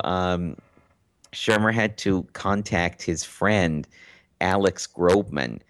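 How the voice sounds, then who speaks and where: Low-voiced man telling a story. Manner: animated, acts out quotes in a raised voice; frequent restarts and stammered repeats. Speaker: interview guest. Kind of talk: casual storytelling.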